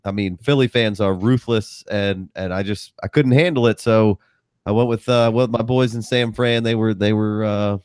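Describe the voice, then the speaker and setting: A man from outside Philadelphia co-hosting a casual sports podcast, talking in a relaxed, chatty storytelling way. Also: on the low side, moderate pace, clear, resonant tone, dry recording, clean studio sound. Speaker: podcast co-host.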